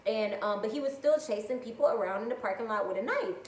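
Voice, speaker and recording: A young adult woman telling a story on her video channel, profane and lively, acting out what people said. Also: fairly high pitch, fast talker, slight background noise. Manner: profane, animated storytelling with quoted voices. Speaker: vlogger. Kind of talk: casual storytime vlog. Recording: echoey room with faint ambience.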